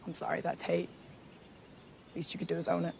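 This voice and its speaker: A man's voice: fairly high pitch, flat delivery, a little fast, vocal fry, very noisy. An actor playing a man who talks in a confrontational, accusing way in a drama scene. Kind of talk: scripted drama dialogue.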